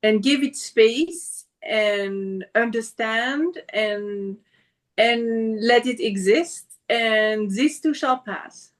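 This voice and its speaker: This is a woman appearing as a guest on a casual podcast. She speaks very slowly and hesitantly, pausing to search for her words, in a voice that sits a little high.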